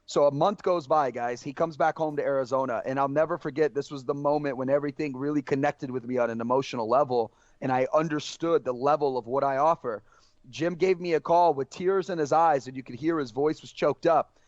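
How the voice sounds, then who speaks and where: A man's voice: medium pitch, brisk, no room sound. A man, a guest on a podcast, telling earnest stories and acting out quoted dialogue as he goes. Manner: earnest storytelling, acts out quoted dialogue, keeps saying "guys". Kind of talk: casual podcast conversation. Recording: dry, dull lo-fi podcast audio.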